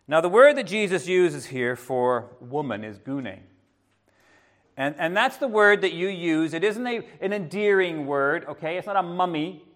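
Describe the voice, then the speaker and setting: An earnest man preaching an evening sermon, his voice sitting a little high for a man. He talks in a halting way, restarting phrases and dropping softly into asides before rising again. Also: vocal fry.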